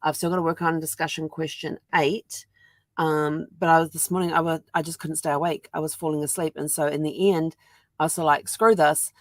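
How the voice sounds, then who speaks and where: In a rambling, um-filled daily vlog, a New Zealand woman chats casually at home with her dog. Her voice is deep and level and she talks briskly, recorded at studio quality with no room sound.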